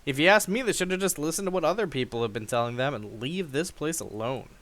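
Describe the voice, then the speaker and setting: Slightly high-voiced and fast-talking, this young man hosts a game playthrough. He chuckles along in a lively manner and delivers the story's narration dramatically.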